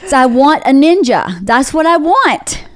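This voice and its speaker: A woman hosts a podcast in casual chat, telling a story with an animated delivery. Her pitch swings widely as she acts out what people said, often swearing. The recording is dry and close. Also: measured pace, dry recording. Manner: animated, profane storytelling with acted-out quotes. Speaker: podcast host.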